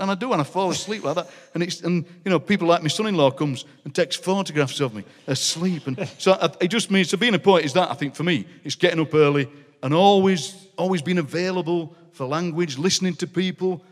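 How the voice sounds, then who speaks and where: A man's voice: on the high side, brisk, hardly any pauses. A middle-aged man with a Yorkshire accent, a guest poet telling rambling comic anecdotes on a live stage. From Yorkshire, England. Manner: animated, rambling anecdotes, laughing. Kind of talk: live comic storytelling chat. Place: city hall stage before audience. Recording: long hall reverb.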